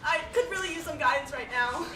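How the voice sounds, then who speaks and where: A woman's voice: high voice, fairly quick, a crowd in the background, natural voice. A young woman in a student comedy sketch playing a naive, flustered girl. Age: young adult. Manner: bright, flustered. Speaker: sketch actor. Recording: echoey room, far mic, faint noise.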